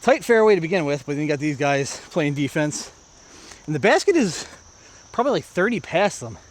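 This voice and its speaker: Very animated and a little fast, a fairly high-pitched American man talks viewers through his own disc golf game at a park course outdoors, in a chatty, casual play-by-play vlog.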